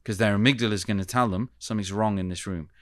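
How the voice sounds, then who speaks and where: A man who is a communication expert, explaining ideas in a measured, teacherly way as a podcast guest. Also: on the low side, fairly even intonation, dry recording, clean studio sound. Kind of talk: podcast interview.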